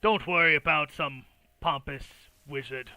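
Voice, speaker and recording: A man doing a tipsy, high-pitched dwarf. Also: measured pace, bright, forceful tone, no room sound. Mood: woozy. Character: tipsy jolly male dwarf.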